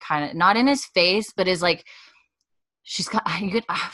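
Podcast co-host, woman with a low voice; chatty recap, leans on fillers and acts out lines. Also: normal speed. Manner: animated retelling, acting out dialogue with lots of "like" and "um". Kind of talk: casual chat.

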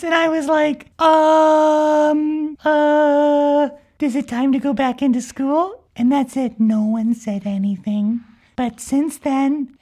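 High-pitched voice, childlike young unicorn girl, giggly, rambling, mischievous, as a woman plays her. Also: natural voice. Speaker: podcast character. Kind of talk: improvised comic storytelling.

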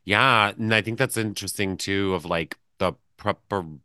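Low-voiced guy with a bright, forward tone, musing and trailing off, dry close mic. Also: moderate pace, smooth, no echo. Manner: relaxed, musing, trails off with fillers and restarts. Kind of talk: casual conversation.

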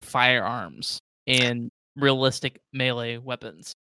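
A man's voice: medium pitch, fairly even intonation, slow, sharp tone, smooth, dry recording. A man voicing a condescending weapons shopkeeper in a tabletop game, with dry, dismissive remarks. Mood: snooty. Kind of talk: tabletop role-play.

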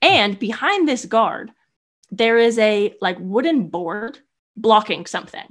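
Young woman guest; animated, filler-heavy storyteller. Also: on the high side, slow pace. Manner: animated, chatty, many "like" fillers. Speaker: guest, solo traveler. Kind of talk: casual storytelling.

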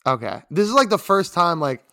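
A man's voice: high voice, big pitch swings, fairly quick, creaky, sharp tone, no room sound, clean studio sound. A man co-hosting a podcast, talking casually and animatedly about music, filling his sentences with "like" and casual swearing. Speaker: podcast co-host. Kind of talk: casual music review chat.

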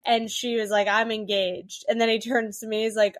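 A woman's voice: on the high side, flat delivery. A young woman co-hosting a podcast, telling candid stories in casual chat and acting out the people she quotes. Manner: candid, rapid storytelling with quoted voices. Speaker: podcast co-host.

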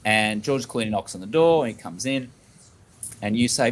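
A man's voice: on the low side, lively intonation, moderate pace. A man with an Australian accent, a podcast guest who talks casually and animatedly, acting out little scenes as he makes his point. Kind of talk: casual interview talk.

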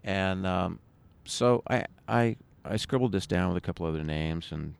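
A man with a very low, gravelly voice talks through a relaxed interview. He rambles, circling back and restarting his sentences as he recalls things. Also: normal speed. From United States. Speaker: musician guest. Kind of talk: conversational interview.

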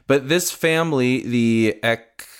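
Thoughtful man in a relaxed film chat. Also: mid-range voice, takes it slowly, clean tone. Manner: thoughtful, laughs often. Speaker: podcast co-host.

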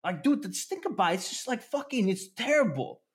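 Animated, profane man in casual chat. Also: very high voice, fairly quick. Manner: animated, swears constantly, acts out scenarios.

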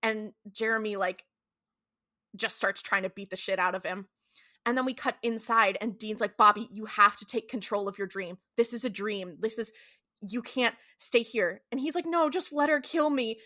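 A woman's voice: medium pitch, fairly even intonation, moderate pace, sharp tone. A woman co-hosting a podcast, casually recapping a TV episode in a chatty way, full of "like" and some swearing. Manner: chatty, peppered with "like", swears freely. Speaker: podcast co-host.

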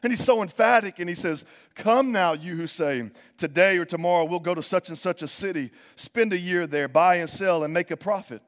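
A man preaching a sermon in a conversational, animated way, acting out quoted voices. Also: high-pitched, a little fast, hardly any pauses. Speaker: pastor. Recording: long reverb of a large hall.

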